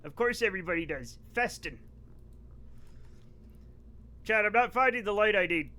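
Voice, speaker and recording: A middle-aged man from the United States, streaming live and joking loudly with his chat as he rants about pronunciation. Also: sits high, lively intonation, fast.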